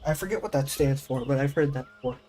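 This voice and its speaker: A man's voice: mid-range voice, quick pace, dark tone, slight background noise. A young American man chatting casually on a game live stream, rambling and sounding out foreign words as he plays. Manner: rambling, self-questioning, trying out German words.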